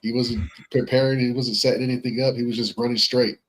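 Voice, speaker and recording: A man co-hosting a fan stream, talking reflectively with halting restarts and some cursing. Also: medium pitch, little pitch movement, rough recording. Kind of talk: casual sports talk.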